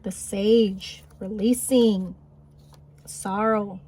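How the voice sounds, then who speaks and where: A woman giving a spiritual pick-a-card reading, gentle and encouraging, thinking aloud with small restarts. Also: mid-range voice, fairly even intonation, drawn-out words. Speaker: tarot card reader. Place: home, Highland Park, California.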